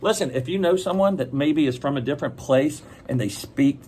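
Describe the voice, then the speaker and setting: A kindly alien from a storybook gives gentle advice in a slightly high voice, put on by a man reading aloud. The manner is soft and encouraging. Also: lively intonation, fairly quick, slight background noise, natural voice. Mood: advising. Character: friendly male alien from another planet.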